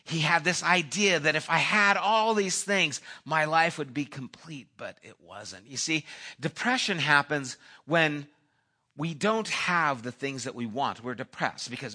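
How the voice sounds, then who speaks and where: A man's voice: on the high side, animated, measured pace, bright, forceful tone. A man preaching a sermon, telling a story and acting out its dialogue, sometimes dropping almost to a whisper. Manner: storytelling, acts out dialogue in voices. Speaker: pastor.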